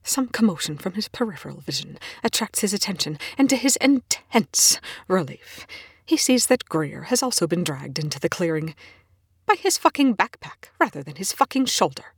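A woman reading a fan story aloud, expressive and often dropping into whispers, with casual swearing. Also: mid-range voice, moderate pace, breathy edge, no room sound, clean studio sound. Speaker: reader. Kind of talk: fan fiction read aloud.

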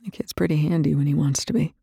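A woman's voice: sits low, quick pace, creaky, warm tone, slightly rough, dry recording, heavily acted. Woman doing a curt, weary colonel. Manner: dry, curt. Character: weary, gruff male military colonel.

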